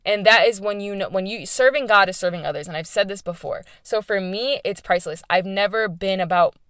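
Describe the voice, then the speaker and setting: A woman's voice: mid-range voice, a little fast, fairly bright tone, smooth, dry recording. A young woman hosting her own podcast, talking candidly and emphatically about faith with lots of "like" in her speech. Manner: candid, chatty, emphatic with frequent "like". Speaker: podcast host. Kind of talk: personal faith podcast monologue.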